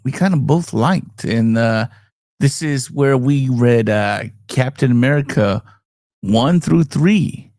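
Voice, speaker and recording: A man's voice: mid-range voice, expressive, slow, darkish tone, dry recording, clean studio sound. A man co-hosting a casual comics chat, rambling with lots of fillers and frequent laughs. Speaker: podcast co-host.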